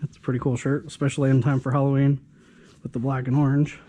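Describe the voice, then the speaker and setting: Male reseller, mid pitch, warm low-key tone, casual sardonic running commentary while he has hiccups. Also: level tone, fast. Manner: offhand, dryly sarcastic remarks. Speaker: storage locker reseller.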